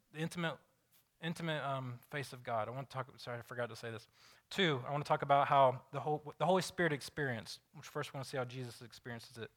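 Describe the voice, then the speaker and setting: A man preaching a sermon in a mid-range voice, talking loosely with restarts and repeated words. He drops to a hush for quiet moments, then climbs loud and high when he presses a point. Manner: unscripted, restarts often, swings from hushed to loud and emphatic. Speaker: pastor.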